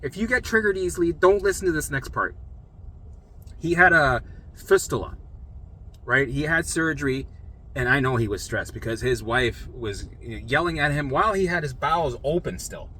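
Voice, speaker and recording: A man's voice: on the high side, expressive, moderate pace, bright, forceful tone, slightly rough. A young man casually telling a personal story in a blunt way, swearing freely and acting out other people's lines. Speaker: storyteller sharing his recovery.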